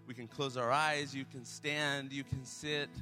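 A man's voice: medium pitch, little pitch movement, measured pace. A man leading worship in a church, speaking earnestly with frequent fillers and restarts before the songs. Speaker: worship leader. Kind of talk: sermon. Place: church sanctuary. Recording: long reverb of a church hall, faint music.

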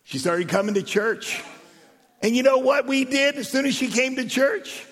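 A man preaching a sermon and telling stories in an animated way, with shouted emphasis. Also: extremely high pitch, moderate pace. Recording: echoey hall reverb.

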